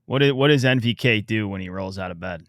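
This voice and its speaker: A man's voice: fairly low pitch, quick pace, a bit bright, no echo, clean studio sound. A man co-hosting a podcast in casual chat, an easygoing storyteller asking questions. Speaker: podcast co-host.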